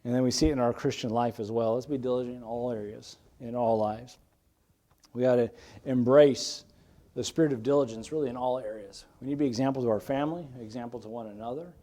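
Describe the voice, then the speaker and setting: A man preaching as a pastor in a church, earnest and conversational, moving between emphatic bursts and quiet asides. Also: mid-range voice, fairly even intonation, quick pace. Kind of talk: sermon. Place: church sanctuary.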